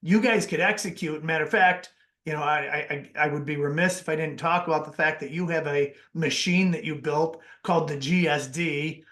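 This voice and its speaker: Male podcast host, slightly high voice, rambling delivery, roomy echo. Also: fairly even intonation, a little fast, a bit bright. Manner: rambling, restarts often. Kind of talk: conversational podcast talk. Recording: echoey room.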